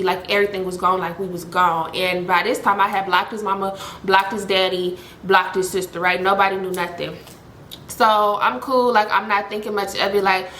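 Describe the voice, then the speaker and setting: A young woman telling a story in a casual, animated, slangy vlog, talking fast with lots of fillers. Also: medium pitch, reverberant, a little hiss or hum. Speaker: storytime vlogger.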